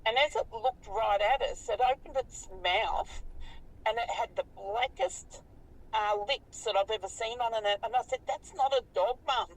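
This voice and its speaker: Husky Australian woman recounting a sighting. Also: a little high, normal speed, far from the mic, rough recording. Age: 50s. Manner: animated, colloquial, swears freely. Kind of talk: casual storytelling interview.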